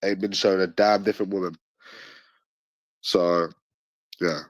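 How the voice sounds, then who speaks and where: Swearing London man, dry and low. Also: steady tone, a little slow, no room sound. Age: late 20s. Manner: swearing, boastful, aggressive slang. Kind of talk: casual ranting monologue.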